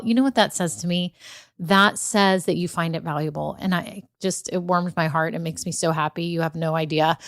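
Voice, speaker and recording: A middle-aged woman hosts her own podcast from a room at home, chatting upbeat and directly to her listeners in a solo talk. Her lowish voice comes through a dry, studio-quality recording.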